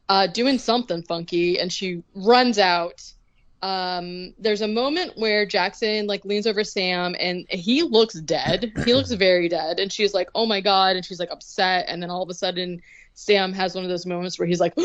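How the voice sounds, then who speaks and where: A woman's voice: mid-range voice, no echo, highs cut off. A woman co-hosting a podcast, chatting casually as she recaps a film, laughing often and acting out quotes. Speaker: podcast co-host.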